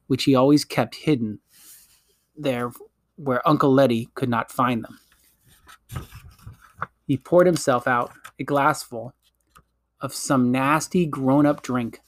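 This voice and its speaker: A man's voice: mid-range voice, dry recording, studio quality. Man reading a children's storybook aloud. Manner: measured, storytelling delivery. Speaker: narrator.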